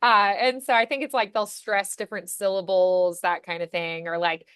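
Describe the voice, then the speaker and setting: A woman's voice: medium pitch, fairly even intonation, moderate pace, fairly bright tone, clean tone, no echo, studio quality. An American woman coaching voiceover in a casual chat, telling stories and acting out the voices of people she quotes. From United States. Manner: chatty storyteller, acts out quoted voices.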